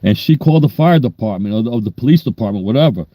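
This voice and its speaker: A man's voice: mid-range voice, lively intonation, rapid-fire, dark tone, dry recording. A man in his sixties with a New York accent, telling stories in a rambling, down-to-earth way during a casual livestream. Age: 60s. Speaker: livestream host.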